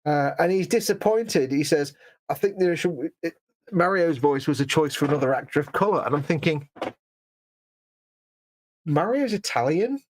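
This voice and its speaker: A man's voice: a little high, a little fast, slight background noise. A British man co-hosting a live painting stream, chatting casually and jokily, often sounding incredulous. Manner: incredulous, jokey, puts on silly voices. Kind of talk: casual chat while painting miniatures.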